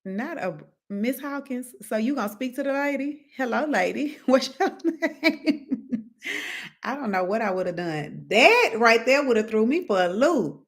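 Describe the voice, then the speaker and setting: A young woman hosting a casual live stream, chatty and animated, reading viewer comments and laughing often. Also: a little high, normal speed.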